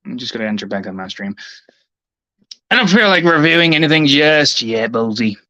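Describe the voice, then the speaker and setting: A man's voice: medium pitch, expressive, a little fast, bright, forceful tone, no room sound, poor audio. Grumbling, foul-mouthed male streamer. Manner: profane, irritable, muttering to himself. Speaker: livestreamer. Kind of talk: rambling casual stream talk.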